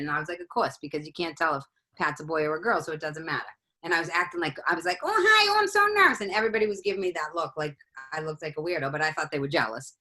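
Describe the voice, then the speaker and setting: A woman from the Boston area tells a comic story, fast and full of energy, her voice bright and forceful. She acts out the people in her story. Her pitch sits a little low for a woman. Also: low-quality recording. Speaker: comedian guest. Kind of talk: storytelling in casual chat.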